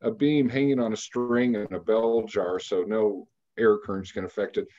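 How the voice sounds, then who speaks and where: A man in his sixties from Kansas, a radio interview guest telling a story at a measured pace with frequent pauses and fillers. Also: on the low side, steady tone, warm tone, lo-fi sound. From Kansas, United States. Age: 60s.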